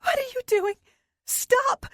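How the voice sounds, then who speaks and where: A woman voicing a frantic, desperate young woman who speaks in a shrill, panicked way. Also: slow pace, no room sound, clean studio sound, exaggerated voice.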